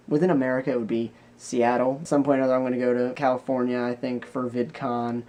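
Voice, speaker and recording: A man's voice: mid-range voice, a little mellow. A young man talking casually in a vlog, rambling loosely, with restarts and trailing thoughts. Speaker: vlogger.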